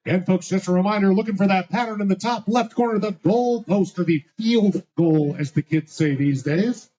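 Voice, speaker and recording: A man calling bingo at a live venue, cracking quick rhyming jokes and slowing down to spell out each number. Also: sits high, warm tone, lo-fi sound. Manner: playful, punchy one-liners, slows to spell out each number. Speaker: bingo caller.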